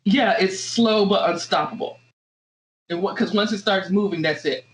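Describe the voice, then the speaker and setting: A woman with a Southern American accent, a podcast guest talking things through in a reflective, halting way with many restarts. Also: medium pitch, rough recording. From Southern United States. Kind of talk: casual podcast conversation.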